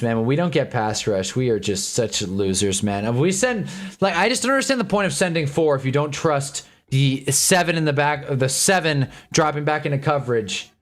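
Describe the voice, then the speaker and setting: A tired young man giving casual, rambling live football commentary with sarcastic asides. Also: mid-range voice. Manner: laid-back, rambling, sarcastic asides, frequent "whatever" and "anyway". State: tired, yawning. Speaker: football watch-along streamer.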